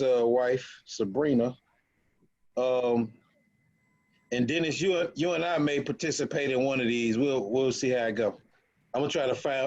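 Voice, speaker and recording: A man's voice: medium pitch, darkish tone, highs cut off. A man leading an online options trading group, explaining things casually while sharing his screen and often restarting his sentences. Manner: halting, many restarts and fillers. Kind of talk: casual teaching over a screen share.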